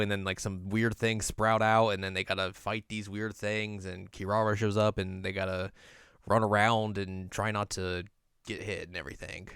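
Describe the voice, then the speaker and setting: A man's voice: fairly low pitch, a bit bright, clean tone, no echo, clean studio sound. A man co-hosting a podcast, recapping an anime episode in casual chat and slipping into goofy quoted character voices. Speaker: podcast co-host.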